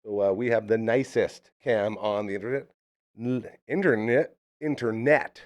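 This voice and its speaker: A man's voice: on the low side, fairly even intonation, normal speed, darkish tone. A man hosting a live podcast in a rambling, jokey, upbeat way. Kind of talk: casual live show chat.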